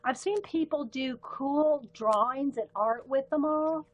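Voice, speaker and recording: A rambling, chatty woman with a lilt and a fairly high voice, talking to her live-stream viewers from her desk at home. She laughs easily and picks up the camera mic's close, homey sound. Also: a little slow. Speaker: livestream host.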